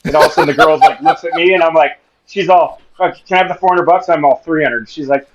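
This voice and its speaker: This man's voice sits a little high and comes at a quick pace, over a lo-fi, very noisy recording. He's a guest on a podcast, casually recounting humorous tales, performing the dialogue with lots of energy and frequent laughter.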